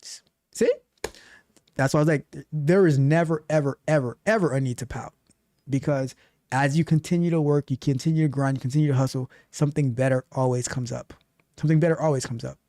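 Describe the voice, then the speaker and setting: A man hosting a casual tech livestream, reading chat aloud and talking in an animated way, often repeating himself. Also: mid-range voice, fast talker, no room sound, clean studio sound. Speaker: livestream host and tech coach.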